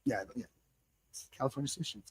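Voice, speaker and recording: A man's voice: quick pace, no echo. A man in his forties, co-hosting a live talk show, rambling in a profane, casual way and laughing often. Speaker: podcast co-host.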